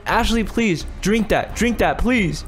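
A man's voice: high-pitched, expressive, slow, faint music behind. A young man hosting a game roleplay, frantic and stammering, repeating himself as he acts out the scene. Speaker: roleplay host.

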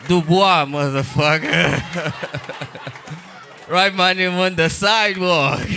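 A male stand-up comedian works a club crowd, joking loosely and chatting with people at the tables. His voice is high and bright, and he delivers each line at an unhurried pace. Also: a little hiss or hum.

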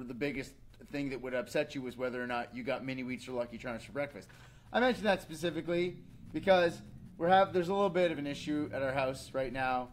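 A man in his thirties hosting a casual comedic rant, animated and slipping into mocking voices. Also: a little high. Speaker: show host.

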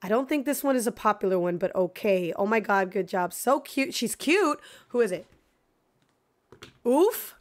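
A woman streaming a video game, chatting casually with viewers and swinging between excited gasps and mock dread. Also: mid-range voice, moderate pace. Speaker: gaming streamer. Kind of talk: casual live gameplay chat.

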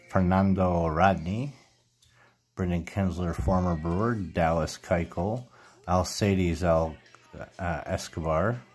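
A middle-aged man casually chatting while opening baseball card packs, reading out player names and tripping over a few. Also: low-pitched. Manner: reads player names one after another, trips over names and corrects himself. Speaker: card collecting YouTuber.

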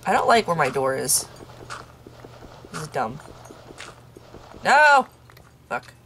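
A young woman talks through her game in a low, lively voice that swoops up and down as she rambles along. She mocks her own mistakes and drops into half-whispered asides to herself. A faint hiss of noise sits under her voice. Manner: rambling, self-mocking, mutters asides under her breath. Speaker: YouTuber playing a game. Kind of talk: let's play commentary. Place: room in her parents' home.

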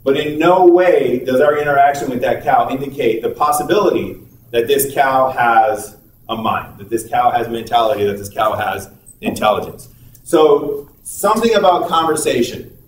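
A man's voice: medium pitch, animated. A male university lecturer giving a conversational classroom lecture, acting out little dialogues as examples. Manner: conversational, acts out little dialogues with quick asides. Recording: echoey room, picked up from a distance with faint noise.

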